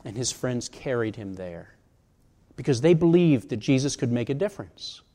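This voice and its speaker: Here a sixty-something pastor delivers a conversational sermon full of rhetorical questions. His medium-pitched voice is expressive and warm, at a normal pace, echoing with the long reverb of a big hall.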